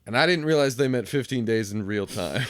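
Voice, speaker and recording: A man's voice: medium pitch, animated, a little fast, a bit bright, dry recording, studio quality. A man co-hosting a film podcast, talking casually with blunt, sarcastic remarks and the odd swear. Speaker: podcast co-host. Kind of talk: casual film review chat.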